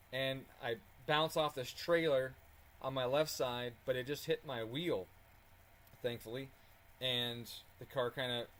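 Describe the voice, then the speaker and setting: A man telling a story in a casual, animated way while working on a car, swearing freely and chuckling as he talks. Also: mid-range voice. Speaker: car tuning channel host.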